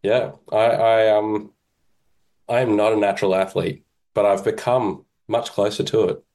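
A man, a podcast guest talking in a relaxed, self-deprecating way with halting restarts. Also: lowish voice. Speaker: podcast guest, kettlebell instructor. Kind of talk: casual interview chat.

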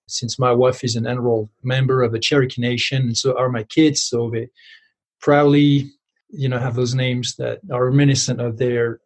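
A man from France with a French accent, a podcast guest talking casually and pausing to find his words. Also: mid-range voice. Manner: halting, searching for words. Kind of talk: casual interview chat.

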